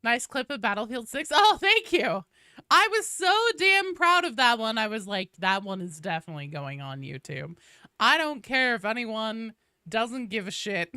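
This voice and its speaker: A woman game streamer chatting casually, greeting viewers one by one, her voice a bit gravelly from allergies. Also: fairly high pitch, big pitch swings, moderate pace, sharp tone, no room sound, studio quality. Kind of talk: casual live-stream chat.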